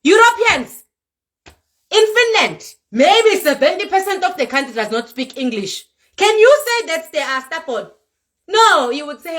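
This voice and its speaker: A woman's voice: very high voice, very animated, unhurried, a bit bright. A South African woman with a Zulu accent, a vlogger giving a fiery, scolding rant to camera, repeating herself for emphasis. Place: Europe.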